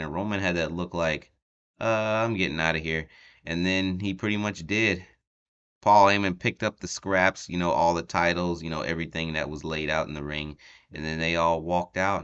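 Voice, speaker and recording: A man's voice: low voice, a bit bright, smooth, highs cut off. A man talking casually as he recaps a wrestling show, rambling with lots of ums and breaking into laughs.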